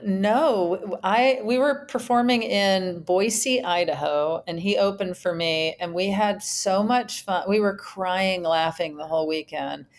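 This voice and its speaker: A woman's voice: medium pitch, unhurried, few pauses. A middle-aged woman co-hosting a podcast and telling a rambling story in a dry, casual way. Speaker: podcast co-host.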